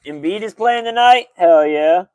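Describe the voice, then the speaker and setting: A man hosts a casual livestreamed sports talk show. His voice sits on the high side. He talks loosely and in slang, greeting his chat by name as he goes. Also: animated, normal speed, darkish tone, dry recording, rough recording. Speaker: podcast host.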